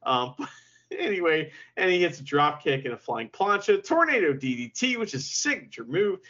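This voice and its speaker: A man co-hosting a podcast, chatting casually about wrestling, excitable, swearing and laughing often. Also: a little high, normal speed, lo-fi sound. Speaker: podcast co-host.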